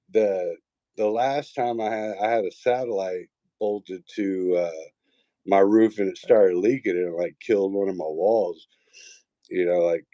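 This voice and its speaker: A man with a low, mellow voice, rambling through salty, profane stories as he hosts a loose chat. The sound is dry and close. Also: no echo. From Texas. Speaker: host. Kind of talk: casual chat.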